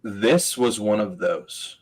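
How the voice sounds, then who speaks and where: A man in his thirties chatting casually, telling animated stories, laughing often and mimicking voices. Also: on the low side, takes it slowly, breathy edge, low-quality recording. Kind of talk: casual chat.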